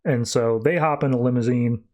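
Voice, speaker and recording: A man hosting a podcast, retelling a comic plot in a rambling, wry, casual way with quick acted quotes. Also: medium pitch, a little mellow. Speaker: podcast host. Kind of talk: casual comic book recap.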